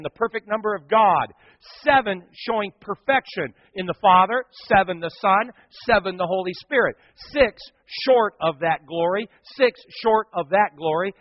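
A male pastor with a high voice preaches a sermon, moving between loud bursts and near-whispers as he tells his story. The sound is dull and a little muffled, and a long reverb trails behind him as in a big sanctuary. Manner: animated storytelling with dramatic swings in volume.

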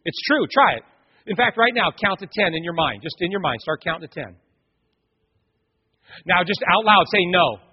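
Husky-voiced pastor preaching with animation. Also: male voice, high voice, moderate pace, pauses often. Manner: animated storytelling, addresses the congregation directly. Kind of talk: sermon. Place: church sanctuary. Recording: long church reverb, dull muffled sound.

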